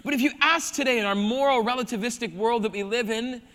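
A man from South Dakota preaching a lively sermon, his high voice ringing bright and sharp. He drops to a hush to press a point, then surges loud again. A long hall reverb trails each phrase. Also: fast talker. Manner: animated preaching, swinging from hushed emphasis to loud bursts. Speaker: pastor. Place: church hall.

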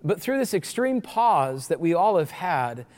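A pastor in his forties preaches with a bright, high-pitched voice. He tells the story with lively energy and slips into the voices of the people. The sound rings with the long reverb of a big sanctuary. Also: a little slow. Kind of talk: sermon. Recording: long reverb of a large hall.

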